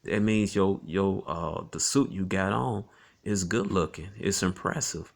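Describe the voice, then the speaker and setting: Low gravelly man teaching scripture. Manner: conversational, tags lines with "man" and "all right"; reads scripture slowly and deliberately. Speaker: Bible teacher.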